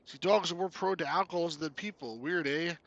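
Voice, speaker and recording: A brash, boisterous Canadian cop barks through a video game adventure, as a man puts him on. His voice is pushed well above its usual pitch, bright and loud, and his exaggerated Canadian accent is hammed up to the hilt. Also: a little fast, no room sound, lo-fi sound. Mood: lecturing. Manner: loud, hammy, ends lines with "eh".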